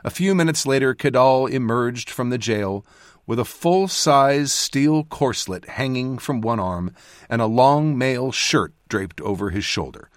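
Narrating a fantasy audiobook a little slowly, this man reads from a script and brings characters to life through big shifts in pitch and volume. The audio is close and dry, without any echo or room sound.

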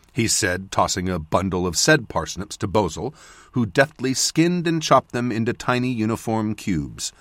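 A man narrating a fantasy audiobook in the first person with expressive storytelling. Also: medium pitch, no room sound.

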